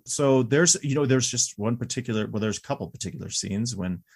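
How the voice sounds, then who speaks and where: Casual movie podcast co-host, man in his forties, a bit husky and chatty. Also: mid-range voice, a little fast, darkish tone. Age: 40s. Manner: chatty, candid, laughs easily. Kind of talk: casual movie review chat.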